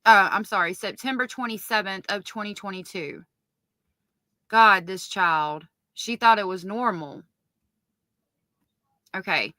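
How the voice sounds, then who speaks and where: A woman commenting on a livestream. She reads text messages aloud in a hushed voice, corrects herself often, and breaks off to curse in disbelief. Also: mid-range voice, measured pace, pauses often, no room sound. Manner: stops to correct herself mid-read. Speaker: true-crime commentator. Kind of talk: livestream commentary reading court evidence.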